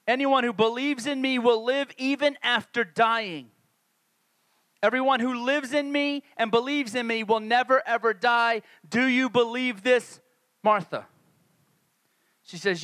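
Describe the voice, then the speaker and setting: A man's voice: high voice, pushed and bright, no room sound. A male pastor preaching a conversational sermon, acting out the voices of the people he quotes.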